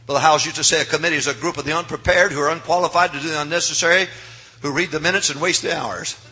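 Male revival preacher, husky and bright, hushed-to-shouting delivery. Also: fairly high pitch, fairly even intonation, very fast. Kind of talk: revival sermon. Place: church sanctuary.

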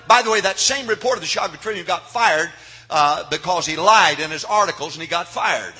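A middle-aged man preaching a fiery revival sermon as pastor, swinging from low murmurs to shouted climaxes, repeating cadenced phrases and calling for his audience's response. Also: expressive, quick pace.

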